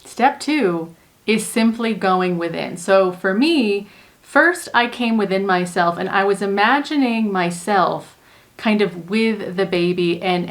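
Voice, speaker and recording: Young woman, earnest coach, calm step-by-step teaching talk, voice in a middle register. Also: medium pitch. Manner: calm, earnest explaining in spoken steps. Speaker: manifestation coach. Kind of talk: casual teaching monologue.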